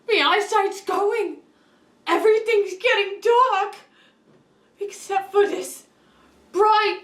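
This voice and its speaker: A woman's voice: extremely high pitch, fairly bright tone, heavily acted. A woman voicing a melodramatic, self-pitying little street urchin in a put-on British accent, wailing theatrically. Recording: roomy, from far off the mic.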